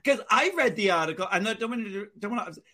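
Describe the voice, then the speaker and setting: A man co-hosting a casual talk show, breezy and animated. His voice sits high, and he chats in a light, gossipy way. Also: fast talker. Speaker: co-host. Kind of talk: casual chat.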